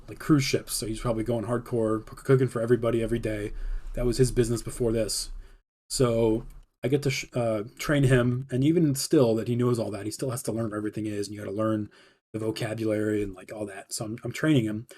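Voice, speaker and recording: A man recounts a personal story on his live podcast in a relaxed, meandering way. His voice sits at a middle pitch with a mellow, warm color. He leans on filler words and breaks into laughter now and then. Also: fairly quick. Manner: rambling, filler-heavy with frequent laughs. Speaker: podcast host. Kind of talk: casual storytelling.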